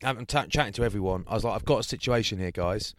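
A man co-hosting a podcast tells a story in casual conversation, animatedly acting out the voices of the people involved. He speaks at a quick pace with a fairly low pitch. The sound is clean studio audio with no echo.

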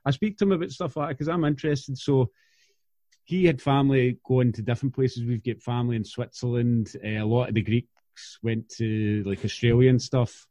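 A man's voice: mid-range voice, fairly even intonation, moderate pace, warm tone, no room sound. A man hosting a casual chat, blunt and sweary in a friendly, bantering way. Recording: dull, lo-fi dry sound.

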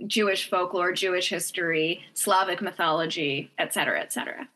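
A woman's voice: lowish voice, a little fast, sharp tone. A woman author chatting enthusiastically in an interview, with frequent fillers. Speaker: novelist guest. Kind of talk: casual interview chat.

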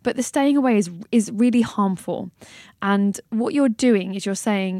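A woman talking as a podcast guest, passionate and animated, swearing and laughing as she goes. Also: mid-range voice, normal speed, no room sound, studio quality. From Britain. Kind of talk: casual chat.

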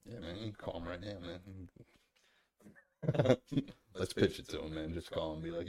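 Deep-voiced laid-back podcast host, a man. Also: normal speed, pauses often, dark tone. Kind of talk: casual chat.

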